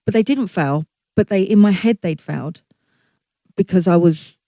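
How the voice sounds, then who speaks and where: A woman's voice: fairly low pitch, moderate pace, dark tone, dry recording. A middle-aged woman, a guest singer, telling her career story in a candid, chatty way, swearing freely and acting out her past thoughts.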